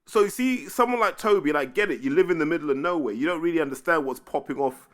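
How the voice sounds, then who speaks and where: A man's voice: on the high side, fast talker. A man hosting a podcast, telling stories in a blunt, casual way with swearing. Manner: blunt, animated storytelling with swearing. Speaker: podcast host.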